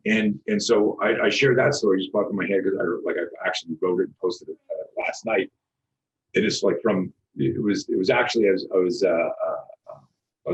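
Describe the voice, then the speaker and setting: Middle-aged man, low register, animated guest storyteller acting out dialogue. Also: poor audio. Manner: animated, acts out quoted dialogue, frequent restarts, swears. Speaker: guest, self-defense instructor.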